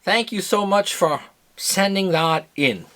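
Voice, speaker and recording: A man's voice: high voice, takes it slowly, sharp tone. A man from Pennsylvania, hosting a casual chat, joking and laughing often as he talks. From Pennsylvania, USA. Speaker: host.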